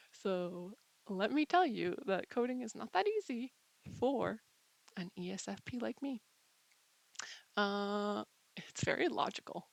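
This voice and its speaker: A woman's voice: medium pitch, creaky, a bit bright, no room sound, low-quality recording. A woman host musing in a casual monologue, playful and rambling, with mock drama. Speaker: channel host.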